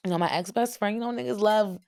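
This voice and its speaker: Animated, profane woman telling stories. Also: mid-range voice, fast. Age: 30s. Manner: animated storyteller, profane and slangy, acts out quotes. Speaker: podcast co-host. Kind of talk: casual podcast chat.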